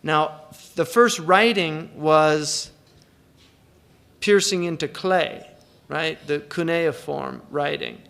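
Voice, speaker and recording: A middle-aged man giving a reflective religious lecture, often restarting phrases and reciting verses quickly. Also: fairly high pitch, vocal fry, a bit bright. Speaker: Islamic scholar.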